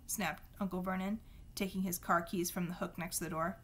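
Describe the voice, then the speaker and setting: A woman reading a novel aloud at a steady storytelling pace, with a few small slips and restarts. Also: fairly low pitch, a little fast. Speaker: reader.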